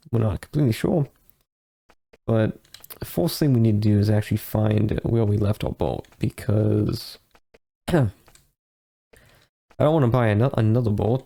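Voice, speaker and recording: A man's voice: lowish voice, vocal fry, dark tone. A man giving casual, rambling commentary while playing a game, with frequent hesitations and restarts. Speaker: let's play host.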